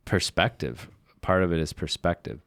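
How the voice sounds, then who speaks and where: A man with a very low voice talks through a casual podcast conversation. He rambles candidly, piles up fillers and swears freely. The sound is dry and close to the mic. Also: lively intonation, moderate pace, a bit bright, no echo. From lives in Shanghai, China. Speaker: podcast co-host. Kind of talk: casual chat.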